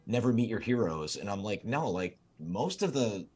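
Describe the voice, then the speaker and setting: A middle-aged man, a game designer guest, telling animated stories with frequent laughs and lots of "you know" fillers. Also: fairly low pitch, normal speed, slightly rough. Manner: animated storyteller, laughs often, many fillers. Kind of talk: casual interview storytelling.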